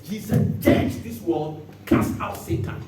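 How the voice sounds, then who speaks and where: A man preaching a sermon as pastor, bursting into shouts and acting out the words he quotes. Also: high-pitched, unhurried, very noisy. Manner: animated preaching with sudden shouts and dramatic quotes. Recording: echoey hall from far off.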